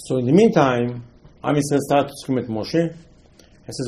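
A man's voice: mid-range voice, normal speed, darkish tone, rough recording. A man, an English speaker, teaching a Torah lesson as a story, with rhetorical questions and voices for the figures he quotes.

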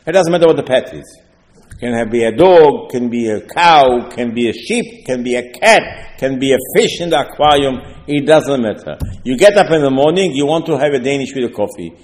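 Storytelling rabbi in an echoing hall. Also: male voice, medium pitch, expressive, moderate pace. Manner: storytelling, conversational with asides and rhetorical questions. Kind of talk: sermon. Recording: long hall reverb.

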